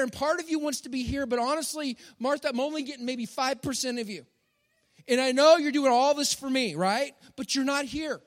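A middle-aged man preaching a sermon with animated, dramatic storytelling and emphatic repetition. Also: extremely high pitch, normal speed. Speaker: pastor. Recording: long hall reverb.

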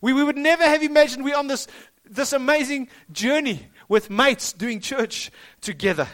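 High-voiced South African man preaching. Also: normal speed, fairly bright tone. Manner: emphatic, rising and dropping for stress, repeats phrases. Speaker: pastor. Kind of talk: sermon. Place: school hall.

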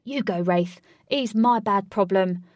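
A woman's voice: mid-range voice, measured pace, no room sound, far from the mic, natural voice. A woman reads as a streetwise young male brawler, casual in speech and stubbornly loyal. The storybook reading is close and dry. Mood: insistent.

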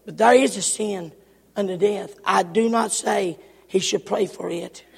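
A man preaching a sermon in a church, his delivery swinging from shouts to near-whispers. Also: high voice, steady tone, a little slow, gravelly, breathy edge. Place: church sanctuary. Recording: long hall reverb.

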